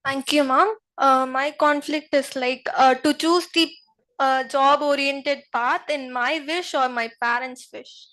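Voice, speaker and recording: A woman's voice: sits high, steady tone, measured pace, pushed and bright. A young woman student with an Indian English accent answering hesitantly, with many fillers. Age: young adult.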